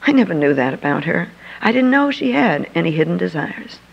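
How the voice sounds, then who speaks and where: Gravelly older woman telling a story. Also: on the low side, very animated, a little fast. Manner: vivid storyteller who acts out dialogue. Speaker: Christian speaker. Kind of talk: personal storytelling talk. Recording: dull lo-fi archive recording.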